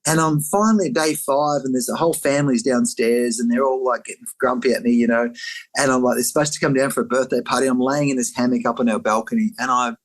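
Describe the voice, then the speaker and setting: A middle-aged man, a guest in an interview, telling a personal story in an animated way, acting out quoted voices and using lots of filler words. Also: medium pitch, fast talker, rough recording.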